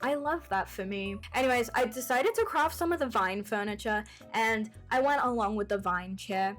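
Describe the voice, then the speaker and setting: A woman's voice: fairly high pitch, normal speed. A young woman talking through a game build in a chatty, bubbly, self-mocking voice-over from her desk at home. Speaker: gaming YouTuber. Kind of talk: casual gameplay voice-over. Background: soft background music.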